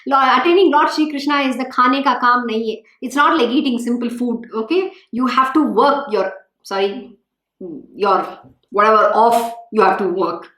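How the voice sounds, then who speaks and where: A woman's voice: fairly high pitch, fairly quick, fairly bright tone, roomy sound. A woman giving an emphatic, scolding devotional talk as a spiritual teacher, full of rhetorical questions.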